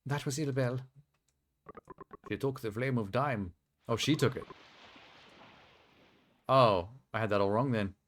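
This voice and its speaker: A man's voice: mid-range voice, measured pace, long pauses, a little hiss or hum. A man streaming a video game, chatting casually and rambling through asides with a self-deprecating humor. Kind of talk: casual live-stream commentary.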